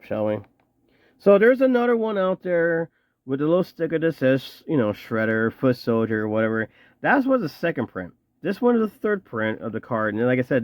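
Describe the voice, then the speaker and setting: A man's voice: mid-range voice, dry recording, highs cut off. A man casually reviewing action figures from his collection, chatty and slangy, with joking asides. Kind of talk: casual show-and-tell review.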